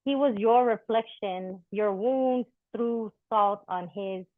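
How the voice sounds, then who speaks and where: A woman's voice: on the high side, slow pace, dry recording. A woman performing spoken-word poetry and chatting candidly between poems at a live poetry event, swearing freely. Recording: thin phone-like dry recording.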